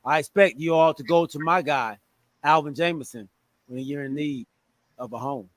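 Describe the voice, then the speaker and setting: A man hosting a casual sports podcast, greeting listeners with energetic shout-outs. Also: fairly high pitch, moderate pace. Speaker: podcast host.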